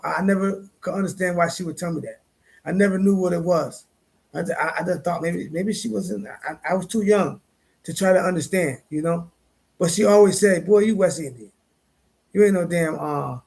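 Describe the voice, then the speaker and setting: Man, high voice, gravelly, husky, casual livestream talk, emphatic and repetitive. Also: darkish tone. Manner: repetitive, emphatic, conversational with slang. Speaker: streamer host.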